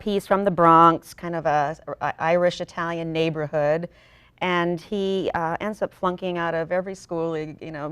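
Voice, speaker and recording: A woman's voice: low voice, clean tone, dry recording. A woman in a studio TV interview, talking at length about her theater company's play in long, run-on explanations. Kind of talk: local TV interview.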